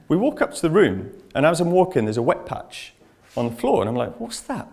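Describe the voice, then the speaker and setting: A man's voice: a little high, lively intonation, fairly quick. A man giving a conference presentation on information security to a live audience, talking in a chatty, anecdotal way. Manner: chatty anecdotal storytelling, addresses audience directly.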